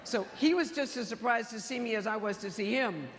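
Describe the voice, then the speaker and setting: A woman's voice: on the high side, a little fast. An older woman giving an acceptance speech on stage, emotional and chatty, telling funny stories to the audience. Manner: emotional, chatty storytelling with humor. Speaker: award honoree. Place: stage in a large auditorium. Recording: reverberant hall with live audience.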